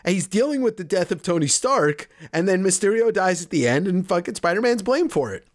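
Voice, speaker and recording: A man's voice: high-pitched, very animated, a little fast. A middle-aged man co-hosting a podcast in casual chat, confident and laughing often, swearing freely. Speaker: podcast co-host.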